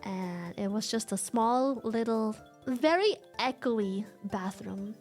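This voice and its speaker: A woman streamer chatting casually, telling a story in an animated, profane way and laughing often. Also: on the high side, slow, few pauses, soft background music. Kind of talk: casual livestream chat.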